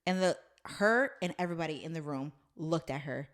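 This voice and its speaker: A woman's voice: low-pitched, animated, a little fast. A woman hosting a casual chat, retelling a story in a loose, rambling way with some swearing. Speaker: podcast host.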